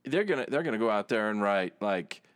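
Relaxed man telling news in casual chat. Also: on the low side, a little fast, smooth. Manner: relaxed, hesitant, many fillers and restarts.

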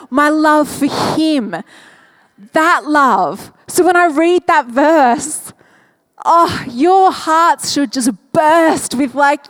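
Woman, 30s, high voice, chatty animated sermon, laughs often. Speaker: preacher.

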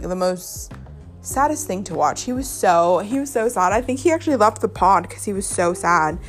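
A woman hosting a podcast, recapping a reality show in a chatty, gossipy way, acting out what people said. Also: medium pitch. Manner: chatty, gossipy recap with fillers and quoted reactions. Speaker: podcast host. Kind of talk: casual chat.

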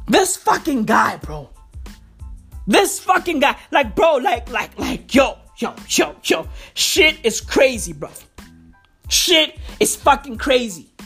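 A woman's voice: high-pitched, big pitch swings, slow pace, creaky, a bit bright, husky, soft background music. A woman from South Africa delivering a heated, swearing comedic rant full of slang and repetition. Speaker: comedic ranter.

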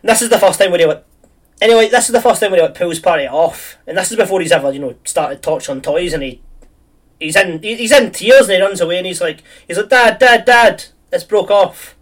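A man's voice: sits high, lively intonation, fast, distant mic. A man chatting casually, rambling through a film plot with lots of fillers and restarts.

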